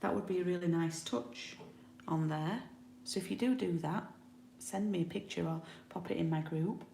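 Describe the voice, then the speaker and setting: A woman's voice: on the low side, normal speed, vocal fry, mellow, a little hiss or hum. A woman from the UK demonstrating card making in a chatty live tutorial, thinking aloud as she works. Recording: roomy home recording.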